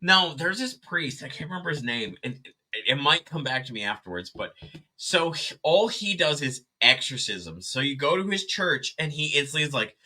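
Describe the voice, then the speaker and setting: A man co-hosting a live-stream chat, his voice very bright and his pitch swinging widely. He tells stories with animation and drops into silly voices now and then. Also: sing-song, normal speed. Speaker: co-host.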